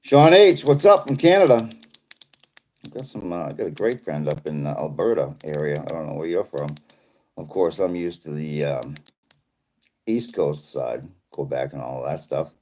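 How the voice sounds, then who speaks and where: A man's voice: very deep voice, animated, moderate pace, a little mellow. A middle-aged man from Boston with a Boston accent, hosting a casual livestream and reading viewer comments in a rambling, laid-back way. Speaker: livestream host.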